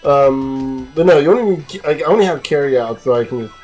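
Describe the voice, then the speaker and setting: A gamer commenting casually over gameplay, rambling and poking fun at their own attempts. The voice is husky and moves around a lot in pitch. Faint music plays underneath. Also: animated, brisk, a little mellow, low-quality recording. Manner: rambling, self-mocking, chatty. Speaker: let's play commentator.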